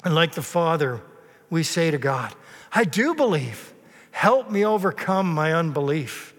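A man preaching a sermon, telling a story earnestly and sometimes acting out the people in it. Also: fairly high pitch. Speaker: pastor. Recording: long hall reverb.

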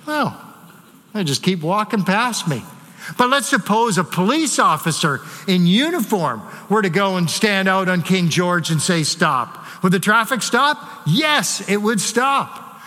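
Bright-voiced pastor preaching. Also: male voice, high-pitched. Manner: conversational preaching with rhetorical questions to the congregation. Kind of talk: sermon. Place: church sanctuary. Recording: long hall reverb.

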